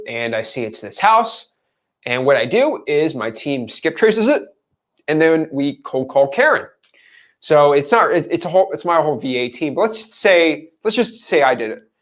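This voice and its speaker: Animated man coaching real estate deals. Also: fairly high pitch, moderate pace. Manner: animated, acts out scenes. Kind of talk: casual teaching monologue.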